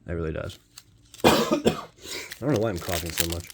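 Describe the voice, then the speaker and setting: A man's voice: sits low, moderate pace, background noise. A man casually opening trading card packs on his channel, playful and jokey, with goofy outbursts and rambling asides. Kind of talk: casual pack-opening commentary.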